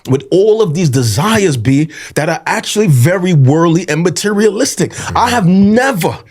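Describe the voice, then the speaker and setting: A man's voice: sits high, animated, normal speed, darkish tone, husky. A pastor speaking earnestly and passionately in a podcast conversation, repeating himself as he presses his point. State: tearful at times.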